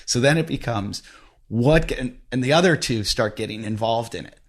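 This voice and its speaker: A male podcast host tells a story casually and animatedly, laughing often. His voice is medium in pitch and his pace is moderate.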